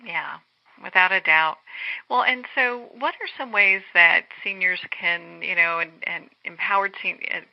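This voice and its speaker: A woman's voice: on the low side, a little slow, creaky, no echo. A woman hosting an interview in a chatty way, with frequent fillers. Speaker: host. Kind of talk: casual interview chat. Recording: dull lo-fi radio recording.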